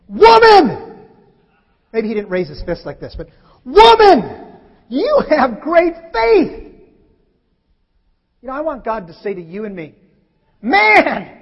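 High-voiced preacher man in a big hall. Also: husky. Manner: animated, acts out scripture quotes with sudden loud shifts. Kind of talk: sermon. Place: church hall. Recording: muffled hall recording.

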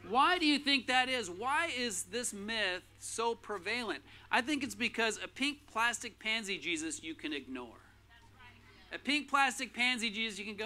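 A male pastor with a high voice and a very bright, forceful tone gives a casual, conversational sermon. He talks loosely, filling his sentences with fillers and restarts. Faint noise sits under his voice. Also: animated, a little fast.

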